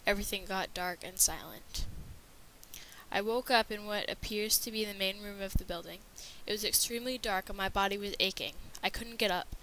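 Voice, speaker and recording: A woman's voice: mid-range voice, a bit bright, slight background noise, poor audio. A woman narrating a scripted horror story with a dramatic reading manner.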